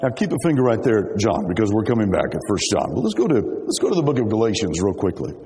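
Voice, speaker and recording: A man's voice: fairly low pitch, big pitch swings, quick pace, mellow, slight background noise. A man preaching a sermon, emphatic and rhetorical, quoting scripture and asking the congregation questions. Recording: long hall reverb.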